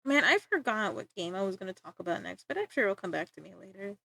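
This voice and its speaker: A woman's voice: mid-range voice, expressive, fast, creaky, pushed and bright. A young woman streaming live, rambling and joking in casual chat with frequent laughter.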